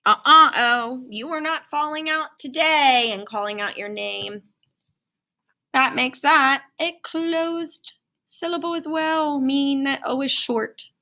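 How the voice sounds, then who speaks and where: Bright-voiced singsong phonics teacher woman. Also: high voice, takes it slowly. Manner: singsong, encouraging, talks to young learners. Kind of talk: phonics lesson for children.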